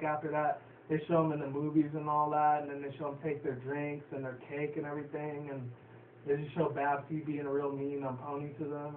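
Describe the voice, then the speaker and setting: Man, reviewer, casual rambling episode recap, slightly high voice, roomy and far from a phone-like mic. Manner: rambling, filler-heavy, swears casually. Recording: distant, roomy, phone-like, faint hiss.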